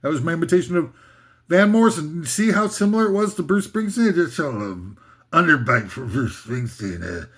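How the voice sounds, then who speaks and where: Male comic ranter, sarcastic and rambling, voice sitting a little high. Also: very animated, a little fast, fairly bright tone, husky. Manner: scornful, rambling, sarcastic, with mock singing bits. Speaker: comedic ranter. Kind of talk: comedic rant.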